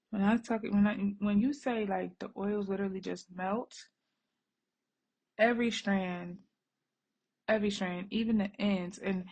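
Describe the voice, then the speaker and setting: This vlogger and mom chats loosely with her audience, saying y'all, as she braids her daughter's hair on a bed at home. Her medium-pitched voice is a little mellow and carries vocal fry.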